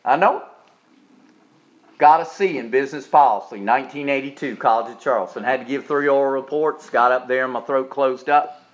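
A man, preaching a sermon in a folksy, joking way and slowing down to repeat his key points with emphasis. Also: medium pitch, dull audio. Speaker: pastor.

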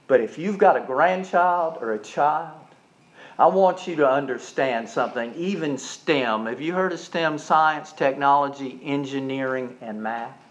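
A male pastor preaching a sermon, telling stories dramatically and swinging between loud and hushed delivery. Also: medium pitch, measured pace. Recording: dull lo-fi recording.

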